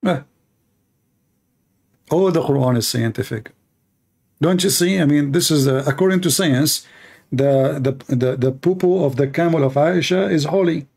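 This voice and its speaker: A man's voice: on the high side, normal speed, vocal fry, long pauses, darkish tone, slightly rough. A man answering viewer questions in a casual monologue, sarcastic and mocking, speaking English with non-native grammar. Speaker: online commentator answering questions.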